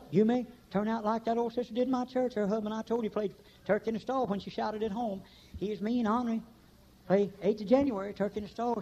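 An older man preaches a sermon in a folksy, story-telling way, slightly high-voiced for a man. He swings from shouted praise down to near-hushed warnings. The recording is dull and lo-fi. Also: slight background noise. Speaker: pastor.

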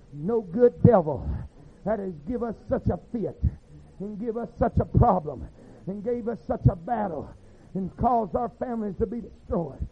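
A man preaching a sermon, telling stories in a rhythmic, folksy way that swings from hushed to shouting. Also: very high voice, slightly rough. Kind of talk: sermon storytelling. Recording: tinny phone-like sound with faint music.

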